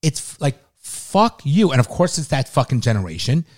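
A man's voice: mid-range voice, very animated, fast, a little mellow. A middle-aged man co-hosting a podcast in casual chat, ranting in a heated, profane and emphatic way. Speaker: podcast co-host.

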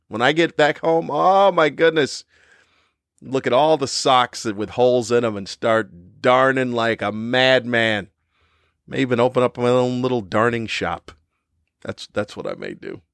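A middle-aged man talking casually to his regulars in a wry, rambling way, often restarting and filling pauses. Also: mid-range voice, animated, creaky, fairly bright tone, no echo. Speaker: podcast host. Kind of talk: casual monologue.

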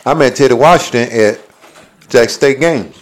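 A man's voice: mid-range voice, moderate pace. A Southern man around forty from Mississippi, teasing and playful in casual sports banter, often talking over others. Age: 40s.

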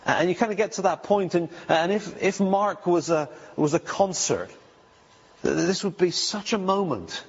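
A man's voice: high voice, expressive, normal speed, husky. A man preaching a sermon in a conversational way, asking rhetorical questions and often restarting his sentences. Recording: lo-fi recording with long hall reverb.

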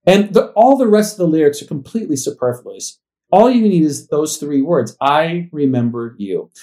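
A man's voice: on the high side, big pitch swings, moderate pace, mellow. A man in his forties, a podcast co-host, talking in a reflective, wistful way that wanders and restarts as he thinks aloud. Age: 40s. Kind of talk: casual conversational podcast chat.

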